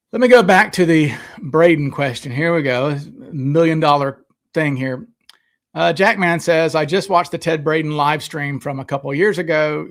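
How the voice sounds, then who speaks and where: A man's voice: on the high side, creaky. A man hosting a live stream, chatting casually, reading out viewers' comments and answering them into a desk microphone. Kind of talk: rambling live chat. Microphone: desk microphone, sometimes too close.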